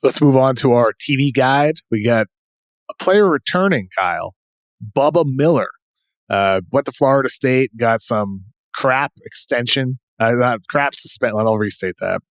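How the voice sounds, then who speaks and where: A man with a New England accent hosting a podcast, running through quick notes and correcting himself. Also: mid-range voice, dry recording. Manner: brisk rundown of notes, self-correcting. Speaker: podcast host. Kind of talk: casual podcast segment hosting.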